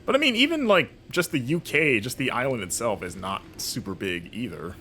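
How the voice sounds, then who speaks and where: Chatty young American streamer, laughs a lot. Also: male voice, mid-range voice, sing-song, brisk, bright, forceful tone, slight background noise. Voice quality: chatty, laughs easily, jumps into playful mock voices. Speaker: streamer and games critic. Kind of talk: casual gameplay commentary.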